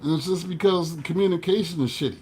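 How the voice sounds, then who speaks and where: A man giving a casual tarot reading, animated, swearing and talking to himself. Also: a little high, fast, slight background noise. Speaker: tarot reader.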